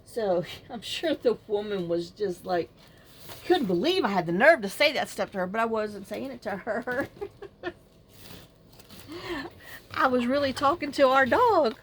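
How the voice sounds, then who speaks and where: A woman's voice: fairly high pitch, animated, unhurried, pauses often, a bit bright, breathy edge. A woman craft vlogger chatting casually while she works at her craft table at home, rambling through a story with plenty of fillers.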